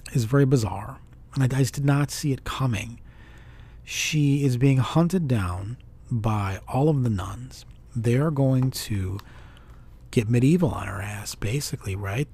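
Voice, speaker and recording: A man casually reviewing a film in a rambling monologue, full of restarts and animated retelling. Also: mid-range voice, husky.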